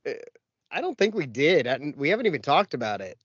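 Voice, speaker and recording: A man co-hosting a podcast, laughing often and throwing in quick comebacks in casual chat. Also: a little high, sing-song, a bit bright, no echo, muffled recording. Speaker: podcast co-host.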